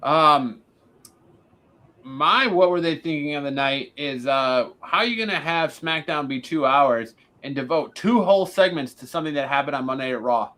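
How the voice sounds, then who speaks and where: A man's voice: on the high side, moderate pace, sharp tone. A man co-hosting a casual wrestling podcast, blunt and sarcastic as he runs through lists of matches. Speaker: podcast co-host. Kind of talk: casual wrestling recap chat.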